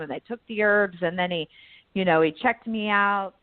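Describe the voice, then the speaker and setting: A woman guest healer chatting candidly about spiritual matters, laughing often and swinging her pitch animatedly. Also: steady tone, normal speed, clean tone, no room sound. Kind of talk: casual spiritual discussion. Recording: tinny phone-like line.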